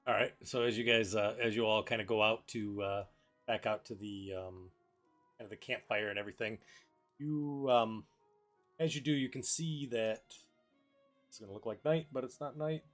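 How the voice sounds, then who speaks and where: Man, game master, low voice, relaxed, hesitant, music behind. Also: moderate pace. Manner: relaxed, hesitant, many fillers. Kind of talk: narrating a tabletop game. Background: background music.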